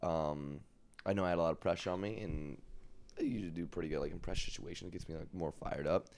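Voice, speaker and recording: A young man from Northern California, co-hosting a podcast and telling energetic stories in casual chat. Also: low-pitched, quick pace, creaky. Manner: energetic, swings into loud retellings.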